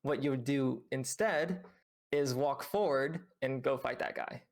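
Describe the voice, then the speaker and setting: Gravelly male game coach explaining. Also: mid-range voice, measured pace. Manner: patient, explanatory, many fillers. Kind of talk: reviewing gameplay with a student on stream.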